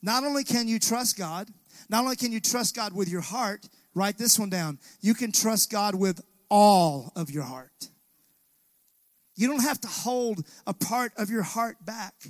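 A pastor preaches a sermon in a church sanctuary, calling out to the congregation and asking them to answer back. His voice sits high with lively intonation, and he speaks unhurriedly. There's no room sound.

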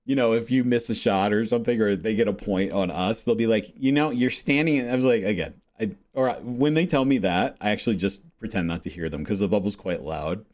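A man's voice: on the low side, fairly quick, few pauses, a little mellow. A man hosting a podcast in a rambling casual monologue, meandering and swearing with self-mocking chuckles. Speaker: podcast host.

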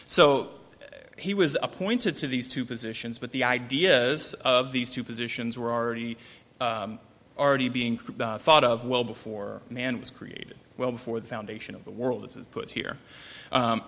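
A man's voice: medium pitch, fairly bright tone, big-room sound. A man giving an informal Bible teaching in a conversational way, with many ums and restarts. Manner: conversational, with frequent fillers and restarts.

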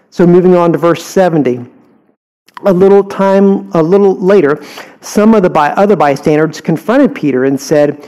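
Mellow-voiced Texan Bible teacher. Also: male voice, high voice, low-quality recording. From Houston, Texas. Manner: conversational, asks listeners rhetorical questions.

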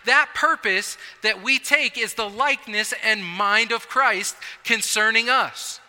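A male pastor preaching a relaxed, joking sermon in a church. His voice sits high and very bright, with many restarts and asides. A long hall reverb trails every phrase. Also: unhurried, smooth. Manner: conversational, humorous, repeats and restarts. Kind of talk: sermon with personal story.

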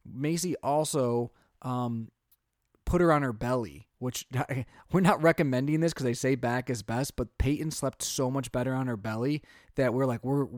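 A man in his thirties, a podcast co-host and father, chatting casually and telling animated stories. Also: medium pitch, no echo, studio quality. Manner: chatty, animated storytelling with quoted voices. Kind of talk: casual chat.

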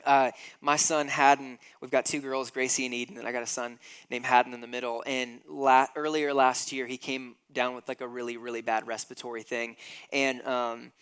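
A man's voice: medium pitch, little pitch movement, normal speed, a bit bright, clear, resonant tone. A man in his thirties preaching a sermon, emphatic and acting out scenes with growing intensity. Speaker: pastor.

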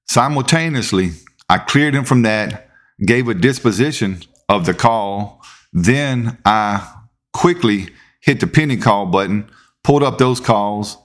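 A man, telling a story as podcast host in a relaxed, conversational way. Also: lowish voice. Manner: laid-back, conversational, repeats words when building up. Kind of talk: casual storytelling.

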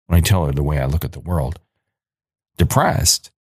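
Low-voiced man ranting in a dry room. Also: steady tone, very fast, mellow, no echo. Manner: angry, emphatic, repetitive. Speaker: podcast host. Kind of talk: ranting monologue.

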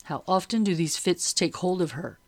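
A woman voicing a grave middle-aged man, master of the house. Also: normal speed. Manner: grave, booming.

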